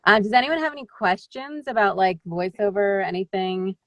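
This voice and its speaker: A woman's voice: mid-range voice, lively intonation, a little fast, dry recording. A woman, a voice actor, chatting in a rambling way with lots of fillers on a video call. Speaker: voice actor guest. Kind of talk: casual live-stream chat.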